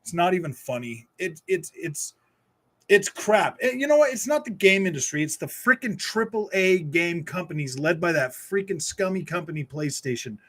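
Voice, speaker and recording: A man's voice: high-pitched, expressive, normal speed, fairly bright tone. A man hosting a gaming livestream, ranting in frustration with lots of stammered restarts while reading chat. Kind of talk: ranting live stream chat.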